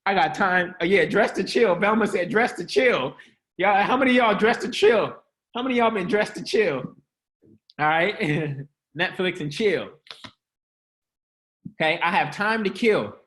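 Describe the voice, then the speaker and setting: A man's voice: high-pitched, normal speed, long pauses, a bit bright. A man hosting an upbeat motivational teaching session in a casual, slangy way, joking, laughing often and quizzing his listeners. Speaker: host of an online church-style teaching.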